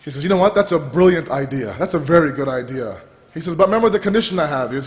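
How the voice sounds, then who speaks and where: A man with a notably high-pitched voice tells a parable during a sermon. His delivery is animated and full of restarts. The sound rings with the long reverb of a large hall. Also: fast talker. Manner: animated storytelling with repeated restarts. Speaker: religious speaker. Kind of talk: sermon storytelling.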